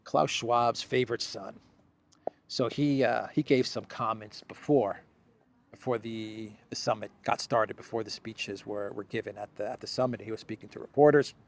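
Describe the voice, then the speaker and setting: A man's voice: lowish voice, steady tone, moderate pace, gravelly, slight background noise. A man hosting a solo political commentary, sarcastic and mocking, laughing often and acting out quotes in silly voices.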